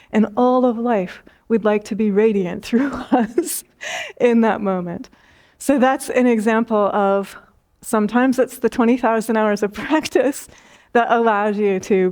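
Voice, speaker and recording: A woman spiritual teacher giving a talk, telling stories gently with light laughs and repeated phrases. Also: a little high.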